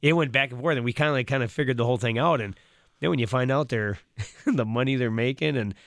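A man who coaches high school football, talking casually as a radio co-host and telling long rambling stories. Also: no room sound, studio quality. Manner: rambling, quick storyteller.

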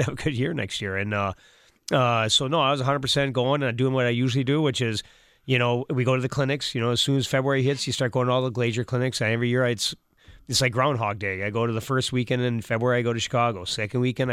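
A man who coaches high school football, talking casually as a radio co-host and telling long rambling stories. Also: a bit bright, dry recording, clean studio sound. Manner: rambling, quick storyteller.

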